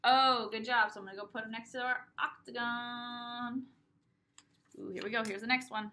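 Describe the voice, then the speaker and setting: A young woman teaching preschoolers in a recorded lesson, slowly sounding out vowels and repeating them with emphasis. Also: fairly high pitch, steady tone, pushed and bright.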